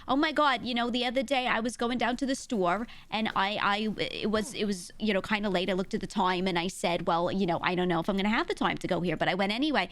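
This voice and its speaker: A woman's voice: medium pitch, quick pace, few pauses, a bit bright, lightly acted. A woman putting on a young New Yorker with a thick New York accent, telling a rambling, hesitant story. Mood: chatty.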